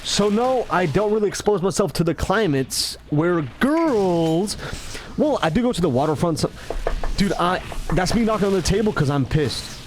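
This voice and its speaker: A man rambling in casual commentary, animated and self-mocking. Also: high voice, normal speed, slight background noise. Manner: animated, self-mocking, acts out his own lines. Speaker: gaming commentator.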